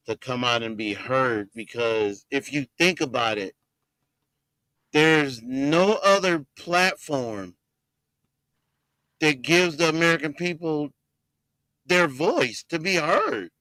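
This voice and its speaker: A man's voice: medium pitch, slow, long pauses, sharp tone, dry recording, low-quality recording. A man hosting a casual podcast, laid-back and talkative, often repeating himself as he talks. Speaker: podcast host.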